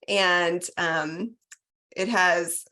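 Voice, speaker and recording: A woman's voice: on the low side, fairly even intonation, very slow, bright, forceful tone. A woman in her forties, a podcast guest, telling a candid personal story in an effusive, chatty way. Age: 40s. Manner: chatty and effusive, heavy on "like" and "you guys". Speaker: retreat participant, podcast guest.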